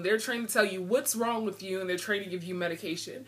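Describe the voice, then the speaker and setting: A woman's voice: medium pitch, steady tone, fairly quick, a bit bright. A woman vlogging in earnest, frank talk, a bit emotional and frustrated as she speaks. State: a little emotional. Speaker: video blogger. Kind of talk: heartfelt vlog talk.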